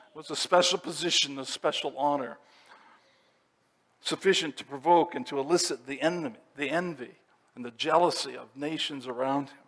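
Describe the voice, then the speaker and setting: A male pastor of middle pitch preaching a sermon and working through scripture verse by verse. He explains each passage in a steady teaching manner. His voice carries a long reverb from a church sanctuary.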